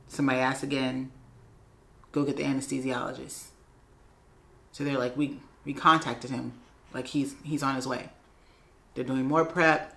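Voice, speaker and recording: A young adult woman vlogger telling a personal story in a casual, animated way, acting out the voices of the people in it. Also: very deep voice.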